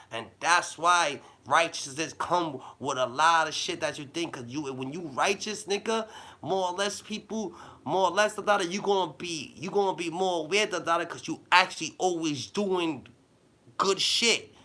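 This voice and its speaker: Rambling man with a bright, tense voice. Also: moderate pace. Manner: loose slang-heavy talk with a repeated "da, da, da" filler; swings between low mumbling and loud bursts. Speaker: vlogger giving life advice. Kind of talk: rambling motivational monologue.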